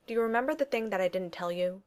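A woman's voice: medium pitch, fast, close to an everyday voice. A woman reading the lines of a snarky, confident male billionaire inventor in a fan fiction audiobook, wisecracking and flippant. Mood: wry.

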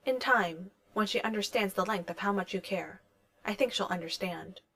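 Woman reading a polite male AI butler, dry and formal, mid-pitched. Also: moderate pace, fairly bright tone, close to an everyday voice. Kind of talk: audiobook reading of fan fiction.

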